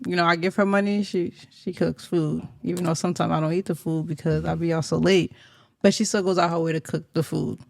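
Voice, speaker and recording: A laid-back man in casual podcast chat, his voice gravelly with fry. He reflects calmly and drops into easy slang, and the sound is dry and close. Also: a little high, brisk, no echo. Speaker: podcast co-host.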